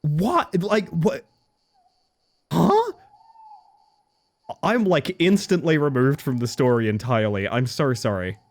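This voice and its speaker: A man streaming a video game live, reacting in an animated, sweary way and laughing often. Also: on the high side, slow, long pauses.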